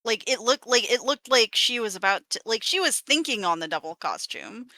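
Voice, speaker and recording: A woman jumps into a relaxed podcast chat with quick, playful remarks. Her voice is bright and pitched a bit high. The sound is dry, with no room echo. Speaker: podcast co-host. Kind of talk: casual chat.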